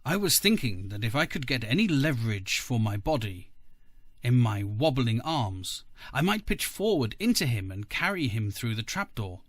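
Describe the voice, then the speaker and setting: A man, a podcast co-host, reading a story aloud in measured first-person narration. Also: medium pitch, sing-song, no echo, clean studio sound. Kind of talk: audiobook reading.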